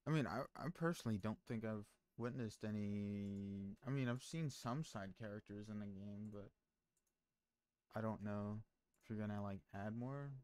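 A man's voice: fairly low pitch, moderate pace, a little mellow, smooth. A man streaming, chatting casually with his viewers in a rambling way full of fillers and restarts. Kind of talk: casual stream chat, reading chat aloud.

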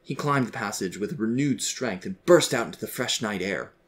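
A man narrates a story from a script with a somewhat low voice. He reads at a steady pace and leans into the telling. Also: moderate pace.

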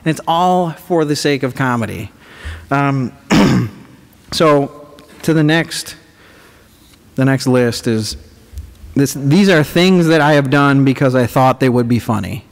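A man giving a comedic, sarcastic lecture to students as a professor, animated and teasing the audience. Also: medium pitch, takes it slowly, creaky, pauses often. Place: large lecture auditorium. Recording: echoey hall recording, faint room noise.

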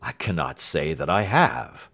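A man's voice: sits low, sing-song, unhurried, fairly bright tone, exaggerated voice. A man reading an audiobook who voices an earnest, loyal Victorian male doctor asking plain questions. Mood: questioning.

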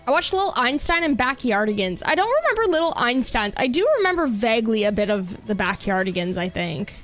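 Chatty Canadian woman streamer, bright pitch. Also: very animated, fairly quick. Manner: chatty, rambling, lots of "like" fillers. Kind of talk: casual live-stream chat while gaming. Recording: faint music behind the voice.

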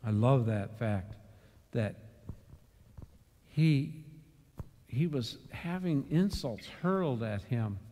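A man's voice: medium pitch, animated, slow, long pauses, in a large hall, a little hiss or hum. Man teaching a church Bible class. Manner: storytelling with sudden loud emphasis. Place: church meeting room.

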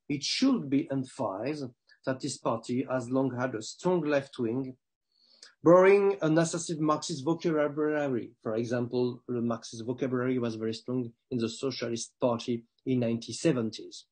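A man with a French accent giving an academic talk over a video call, pausing and restarting often. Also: medium pitch, darkish tone, slightly rough. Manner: halting, restarts often, non-native phrasing. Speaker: guest speaker.

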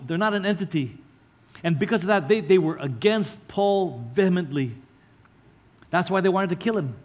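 A male pastor with a high voice preaches a sermon, earnestly explaining scripture line by line. He slows down to stress key words.

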